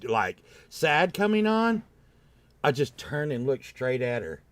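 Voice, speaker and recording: A man's voice: medium pitch, slow, no echo. A man co-hosting a casual livestream chat, telling stories with lots of energy, swearing freely and acting out the lines of the people in them. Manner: animated storyteller, swears freely, acts out quotes. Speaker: co-host.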